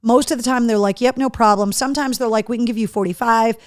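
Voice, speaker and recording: With a case of the hiccups, this woman hosts a live show, reading viewer comments aloud in a chatty, animated way; she works in radio and podcasting. She speaks fast in a smooth, high-side voice, captured dry in studio quality.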